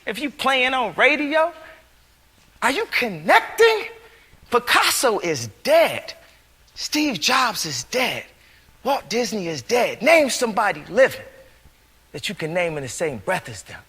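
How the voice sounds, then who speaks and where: A man's voice: sits high, big pitch swings, a little slow, sharp tone, slightly rough, long reverb tail. A man musing earnestly and philosophically, rambling from idea to idea in an interview.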